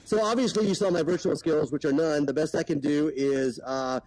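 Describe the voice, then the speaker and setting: A man's voice: on the high side, brisk, dry recording, low-quality recording. A man doing a stand-up comedy set, rambling and self-mocking, with lots of ums. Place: virtual world comedy venue. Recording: loud crowd chatter behind.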